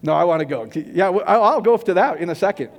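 A man preaching a casual, joking sermon, rambling and excitable, giddy from too little sleep. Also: high-pitched, fast. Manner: rambling, excitable, long-winded. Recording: long reverb of a large hall.

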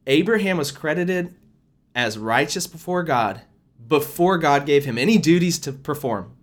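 A man delivering a sermon in an earnest, prayerful tone. He speaks to his listeners as y'all, sharing what he feels he has heard. When he explains a verse, he slows down and leans hard on the words that matter. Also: on the high side. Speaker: preacher sharing a prophetic word. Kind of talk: spontaneous sermon and scripture reading.

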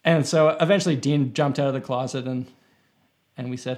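A man's voice: medium pitch, level tone, brisk, vocal fry, darkish tone. A young man in casual conversation, telling a long anecdote with lots of fillers and restarts. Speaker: podcast guest.

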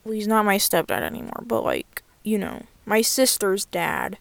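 Medium-pitched, expressive, and creaky, this young vlogger speaks at a moderate pace on a dry recording. Sitting in her car, she shares a casual storytime with candid honesty, plenty of swearing, and a steady stream of "like" fillers.

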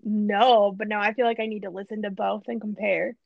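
Upbeat young Minnesotan woman, fry-heavy. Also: medium pitch, level tone, no room sound, muffled recording. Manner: upbeat, agreeable, quick to laugh. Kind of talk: casual chat.

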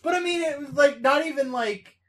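A podcast co-host in casual chat who jokes, laughs and comes back with quick retorts. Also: high-pitched.

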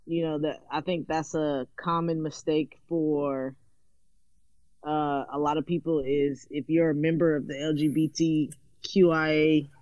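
A man's voice: on the high side, a little mellow, no room sound. A man from California, a guest in a casual conversation, explaining his views thoughtfully and often saying "you know". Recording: dull, dry, slightly lo-fi sound.

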